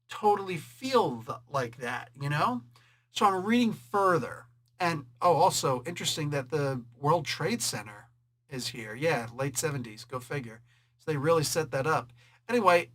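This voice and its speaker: A man talks through a comic book review in a casual, joking way, laughing often and playing out characters' lines in quick voices. His voice sits a bit high and sounds bright and forceful. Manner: animated and jokey, laughs often, does quick voices when quoting.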